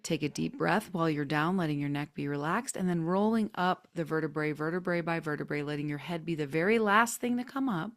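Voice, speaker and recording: A woman hosting a group video call, chatty and gently coaxing as she guides a neck stretch with soft, drawn-out cues. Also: low voice. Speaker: host leading a group session. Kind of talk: casual guided stretching instruction. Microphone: computer mic on a video call.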